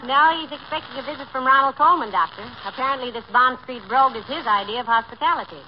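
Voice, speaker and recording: A patient, dry-witted middle-aged wife, played by a woman teases calmly in a 1940s radio comedy. Her voice sits high. It comes through a dull, muffled old broadcast with clear hiss. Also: fast, natural voice. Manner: calm, dry, motherly teasing.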